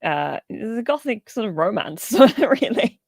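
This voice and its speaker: A woman's voice: a little high, very animated, measured pace, darkish tone, dry recording. A woman co-hosting a podcast, chatting casually and rambling about films, laughing often and swearing now and then. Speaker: podcast co-host.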